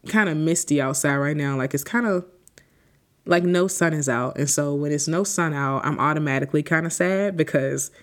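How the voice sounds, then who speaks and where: A woman in her twenties hosting a solo podcast, talking off the cuff in a rambling, heartfelt and grateful way. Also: deep voice. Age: 20s. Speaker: podcast host. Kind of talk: unscripted solo podcast reflection.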